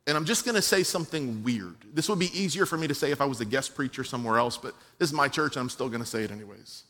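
A man preaching a sermon to his own church as its pastor, telling a personal story and swinging between quiet, soft passages and emphatic ones. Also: medium pitch, animated, fast talker.

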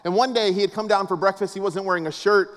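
A man's voice: sits high, steady tone, fast, clear, resonant tone. A man preaching a casual, humorous sermon, telling family stories with a preacher's cadence. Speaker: pastor. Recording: long reverb of a large hall.

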